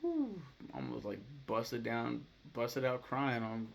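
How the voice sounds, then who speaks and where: A young man with a gravelly voice chatting casually to camera, rambling, swearing freely and acting out scenes in quick voices. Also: medium pitch, level tone, a little hiss or hum. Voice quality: gravelly fry. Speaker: YouTuber ranking movies. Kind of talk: casual vlog chat to camera. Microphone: camera mic, talking to camera.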